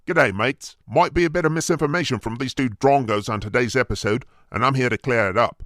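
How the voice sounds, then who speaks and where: Man doing a brash Australian comic bloke, broad Australian accent, mid pitch, dry. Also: a little fast, fairly bright tone, no room sound, lightly acted. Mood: cheeky. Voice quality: broad put-on accent, slangy. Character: jokey Australian man, cheeky and blunt. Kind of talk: comic sketch bit.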